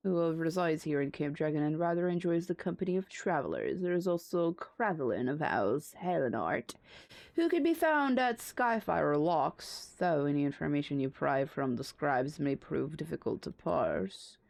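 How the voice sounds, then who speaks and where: Formal, courteous game lord, voiced by a woman, lively lilt. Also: low voice, creaky, no room sound, heavily acted. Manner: formal, unhurried. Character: courteous male noble lord.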